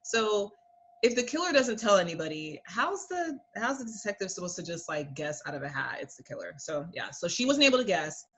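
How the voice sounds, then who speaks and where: A woman co-hosting a casual podcast, talking animatedly and acting out people's lines with big pitch jumps. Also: big pitch swings, a little fast, fairly bright tone, rough recording. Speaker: podcast co-host. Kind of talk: casual recap chat.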